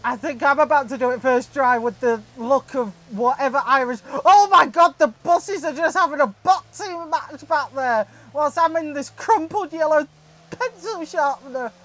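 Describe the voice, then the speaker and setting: A woman's voice: high voice, moderate pace, a bit bright. A woman hosting a casual let's-play, reacting to the game with frequent squeals and exclamations. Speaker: gaming video host.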